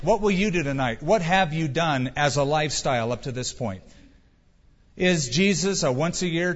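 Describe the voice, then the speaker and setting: A male pastor preaching a sermon in a conversational storytelling way, asking rhetorical questions, in a church. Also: a little high. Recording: reverberant church hall, dull sound.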